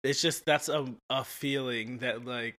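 A man hosting a podcast in a relaxed, joking, slangy way, asking questions and riffing. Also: medium pitch, a little slow. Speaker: podcast host. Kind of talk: casual conversation.

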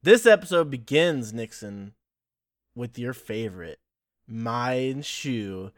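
A man's voice: medium pitch, expressive, slow, no room sound, clean studio sound. A man hosting a podcast, casually recapping episodes and laughing often as he tells the story. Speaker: podcast host.

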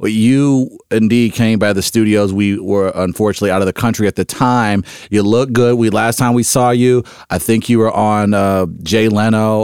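A man co-hosting a comedy talk radio show, playful and quick to laugh. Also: fairly low pitch, clear, resonant tone, no echo, studio quality. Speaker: radio co-host.

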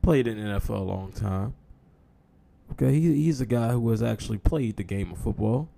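A man's voice: on the low side, brisk, gravelly, dark tone. A man hosting a sports talk show, speaking casually with sarcastic, mock-apologetic humor and frequent y'all.

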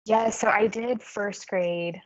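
A woman's voice: mid-range voice, steady tone, slow pace, highs cut off. A young woman from Texas, a teacher, chatting as a podcast guest with lots of fillers and laughter. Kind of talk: casual conversation.

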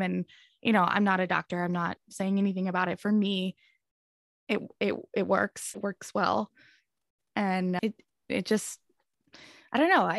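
A woman's voice: mid-range voice, dry recording, clean studio sound. A woman in her thirties, a podcast guest, telling a candid personal story in an earnest, rambling way, often breaking into nervous laughter.

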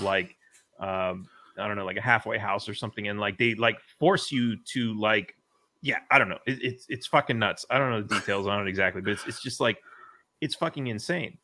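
With a mid-range voice and a sharp tone, this US podcast host talks politics casually, wandering off track, cursing, and constantly using fillers and restarting sentences.

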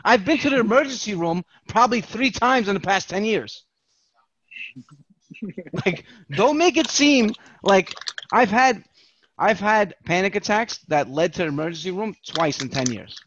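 High-voiced man in animated casual chat. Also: muffled recording, a little hiss or hum. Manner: animated, self-mocking, rapid rambling. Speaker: podcast co-host.

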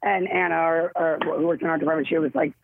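A woman actress in a casual interview, telling stories in a rambling, self-interrupting, animated way with a husky voice. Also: low voice, quick pace, a little hiss or hum. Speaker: actress guest. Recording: tinny phone-like line, dry.

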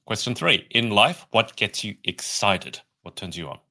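A man hosting a podcast interview, friendly and measured as he asks questions. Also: fairly low pitch, sing-song, bright, forceful tone. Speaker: podcast host.

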